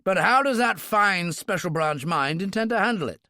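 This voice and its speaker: A man doing a gruff old brigadier. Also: high voice, animated, normal speed, sharp tone, no room sound, clean studio sound, voice pushed up, exaggerated voice. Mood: dry. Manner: exasperated, commanding. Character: weary, gruff older British brigadier.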